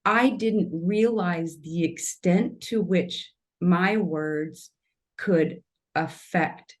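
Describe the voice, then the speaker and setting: Speaking extremely slowly in a fairly low voice, this Kansas City, Missouri woman, middle-aged, is interviewed casually on a podcast about her work as a tree artist and storyteller. She's earnest and emotional, often rambling and starting her sentences over.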